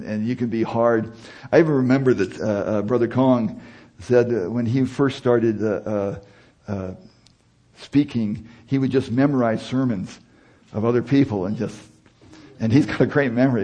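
Husky-voiced man preaching a sermon. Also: medium pitch, dark tone. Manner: conversational preaching, rising to emphatic peaks.

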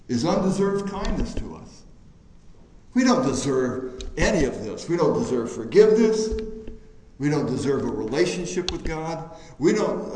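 A man preaching a sermon in a church hall, emphatic, swelling loud on key phrases and then dropping quiet. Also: medium pitch, a little hiss or hum.

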